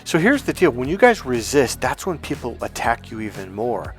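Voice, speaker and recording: Guy life coach rambling through stories, swears a lot, does little voices for people, quiet music behind. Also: mid-range voice, moderate pace. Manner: animated, acts out quoted people in raised voices; blunt, swears freely. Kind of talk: casual storytelling monologue.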